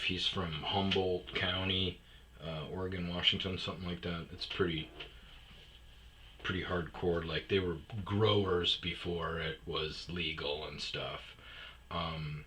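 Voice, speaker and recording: A man tells a rambling, profane story in a casual, offhand way. His voice sits a little low but comes across bright and forward. He jumps into loud, shouted bits whenever he acts out a scene. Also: a little hiss or hum. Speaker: storyteller host. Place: lives on a self-storage property in Arizona.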